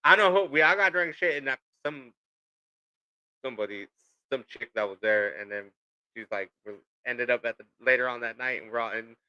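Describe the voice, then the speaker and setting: A man's voice: mid-range voice, brisk, pushed and bright, clean tone, highs cut off. A man hosting a podcast in loose, casual chat, swearing and laughing through a story. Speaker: podcast host.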